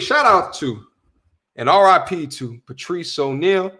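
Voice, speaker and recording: A young man hosting a casual livestream, reading viewer chat aloud with slangy shout-outs and repeating his points. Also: on the high side, animated, unhurried. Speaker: livestream host.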